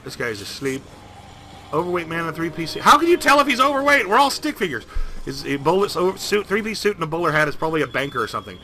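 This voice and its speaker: A man narrating a video game playthrough in a jokey, rambling, animated way. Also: on the high side, fast. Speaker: game streamer. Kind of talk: comedic let's-play narration.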